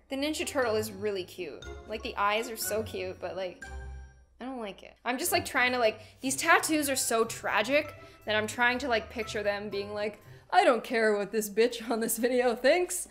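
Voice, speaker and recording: A young woman with a bright, fairly high voice chats her way through a reaction video, giggly and full of playful tangents. Faint music hums underneath her talk. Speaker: gaming and reaction video host. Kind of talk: casual reaction commentary.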